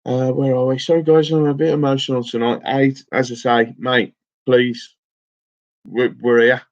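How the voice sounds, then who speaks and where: A man's voice: medium pitch, flat delivery, normal speed. A man hosting a fishing livestream, chatting casually and a little emotionally while answering viewers' comments, calling them mate. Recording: slightly dull lo-fi stream audio.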